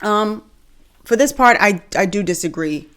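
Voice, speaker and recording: Speaking to camera as a video host, a young Bahamian woman chats casually at medium pitch and a measured pace. She's animated and joking, addressing her viewers as y'all.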